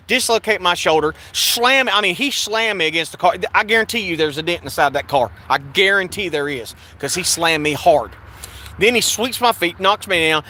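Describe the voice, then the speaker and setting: An agitated man tells his story in a high, keyed-up voice. His tone is bright and sharp, and he stumbles, repeats himself, and acts out both sides of the argument as he talks. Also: dry recording. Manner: agitated, repetitive, restarts and acts out exchanges. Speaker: video creator recounting an arrest. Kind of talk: angry first-person account. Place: in a vehicle.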